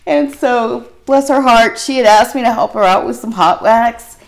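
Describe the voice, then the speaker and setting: A woman's voice: a little high, moderate pace, gravelly. A middle-aged woman telling an embarrassing story in casual chat, rambling and laughing as she goes.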